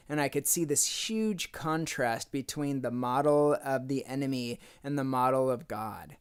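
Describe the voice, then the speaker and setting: A man's voice: medium pitch, a little slow, few pauses, smooth. A man from the United States telling a personal faith story in a casual, conversational way, often acting out what people said. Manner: conversational, acts out quoted dialogue with "I'm like". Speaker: speaker sharing a faith testimony.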